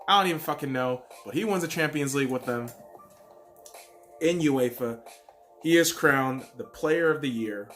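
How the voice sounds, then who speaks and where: A man hosting a casual solo football podcast, excitable and profane, swinging from loud bursts to quiet mumbles. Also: medium pitch. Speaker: podcast host.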